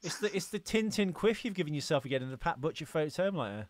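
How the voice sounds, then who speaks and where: A man's voice: fairly high pitch, expressive, quick pace, no room sound. Chatty man, dry close sound. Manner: crude joking, chatty. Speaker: podcast co-host. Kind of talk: casual banter.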